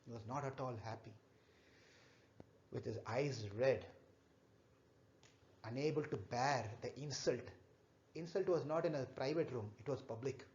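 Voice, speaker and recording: A man teaching a children's class, retelling a scripture story in a halting way, repeating himself and stopping to ask the children questions. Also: mid-range voice, a little hiss or hum. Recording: echoey, dull room recording.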